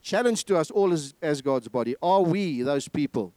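Male preacher, higher voice, dry close sound, earnest sermon delivery with repeated phrases. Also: animated, moderate pace, mellow, no room sound. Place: church.

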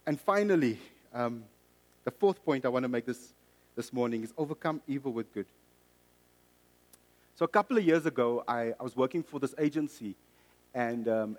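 A man's voice: mid-range voice, a little mellow, in a large hall, low-quality recording. A middle-aged man from South Africa and Mozambique preaching a sermon, earnest and personal, telling a story with frequent restarts.

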